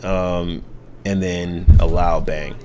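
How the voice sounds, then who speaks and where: A young man hosting a podcast, telling a story in a reflective, halting way with many restarts. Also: low-pitched, little pitch movement, a little mellow, a little hiss or hum. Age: young adult. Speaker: podcast host. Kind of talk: casual storytelling monologue.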